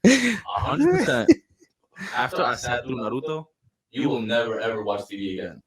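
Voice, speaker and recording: A man argues his case earnestly in a casual podcast chat. His pitch swings widely as he talks. Other voices chatter loudly behind him. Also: animated, fast talker. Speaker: podcast co-host.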